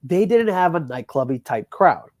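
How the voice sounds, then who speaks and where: A man working as a wedding DJ tells a story in casual chat. He talks in an animated, profane way and says "bro" and "like" constantly. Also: on the high side, normal speed, no room sound, studio quality. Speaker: wedding DJ guest.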